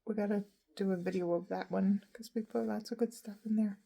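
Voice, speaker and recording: A woman's voice: medium pitch, fairly even intonation, brisk, vocal fry, dark tone, husky. A woman chatting casually at home with her pet parrots, slipping into sing-song baby talk. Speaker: parrot owner. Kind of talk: casual chat with pet birds. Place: home living room.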